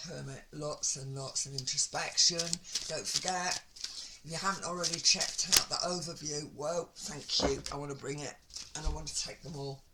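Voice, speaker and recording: A woman's voice: low-pitched, gravelly. A woman giving a casual tarot reading, chatting and talking to herself as she lays out the cards. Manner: chatty, talks to herself while laying out cards. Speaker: tarot reader. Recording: loud background noise with card shuffling.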